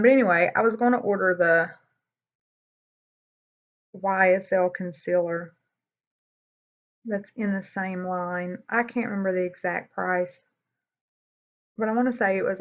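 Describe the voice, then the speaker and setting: A woman's voice: on the low side, gravelly, fairly bright tone. A woman, chatting candidly through a makeup tutorial as a beauty vlogger. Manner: chatty, candid, says y'all a lot. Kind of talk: casual makeup tutorial chat. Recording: dull lo-fi sound.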